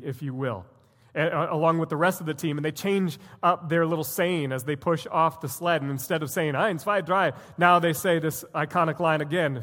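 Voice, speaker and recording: A man's voice: a little high, fairly bright tone, long reverb tail. A man preaching a sermon as a pastor, telling a story earnestly and building to emphatic points. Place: church sanctuary.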